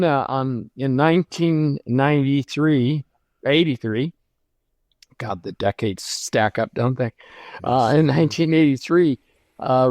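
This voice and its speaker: An older man recalls his career in an unhurried, reflective way, full of ums and restarts. His voice sits at an ordinary pitch. The sound is dry and close. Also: darkish tone, dry recording. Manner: reflective storytelling, many fillers. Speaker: guest, lighting designer. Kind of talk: casual interview conversation.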